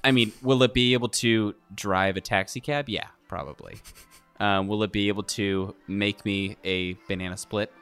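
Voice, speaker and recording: Excitable man with a bright voice. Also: lowish voice, clear, resonant tone, soft background music. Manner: quick-witted, incredulous outbursts. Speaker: podcast co-host. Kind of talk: casual chat.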